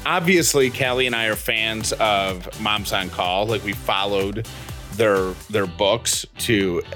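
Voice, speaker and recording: A man co-hosting a podcast, telling a story casually with an animated, expressive delivery. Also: on the low side, slow pace, faint music behind. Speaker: podcast co-host.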